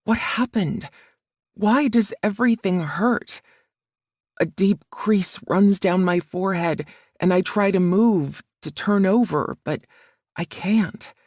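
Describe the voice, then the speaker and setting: A woman narrating a romance audiobook in the first person, with a soft, measured, emotional reading. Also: mid-range voice, no echo, clean studio sound.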